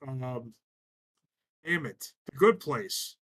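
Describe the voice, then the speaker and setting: A man's voice: mid-range voice, expressive, very slow, a bit bright. A man appearing as a guest on a comedy talk show, searching for words and chiming in with quips. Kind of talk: casual comedic banter.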